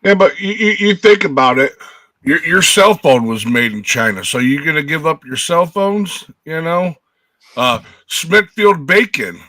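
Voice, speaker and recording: Sharp-voiced man arguing a point. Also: on the high side, animated, unhurried, no room sound, low-quality recording. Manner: earnest, argumentative, repeats words. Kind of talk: casual chat.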